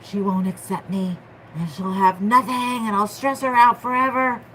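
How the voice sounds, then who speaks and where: A woman's voice: mid-range voice, little pitch movement, moderate pace, fairly bright tone, a little hiss or hum, natural voice, low-quality recording. A woman putting on the voice of a resentful, possessive man in a tarot reading. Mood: gloomy.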